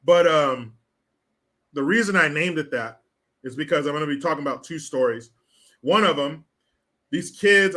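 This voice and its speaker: A man's voice: mid-range voice, bright, forceful tone. A man hosting a live stream, mocking and profane in casual commentary as he reads out viewer chat.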